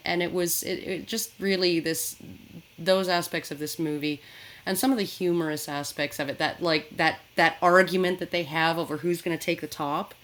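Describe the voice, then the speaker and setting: Animated, rambling woman co-host. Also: low-pitched. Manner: animated, rambling, lots of swearing and restarts. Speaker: podcast co-host. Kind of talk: casual chat.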